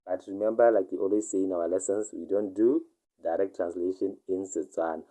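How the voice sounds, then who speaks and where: Male language teacher, low voice, dark mellow tone, repeats each example twice. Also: steady tone, fairly quick, poor audio. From Botswana. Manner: says each example sentence twice, then translates it. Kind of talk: online language lesson.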